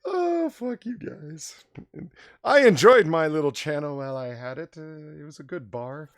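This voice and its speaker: A man hosting a casual late-night livestream chat, animated and blunt, swearing and reading out viewer tips. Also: a little high, unhurried, no echo, studio quality. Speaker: livestream bar host.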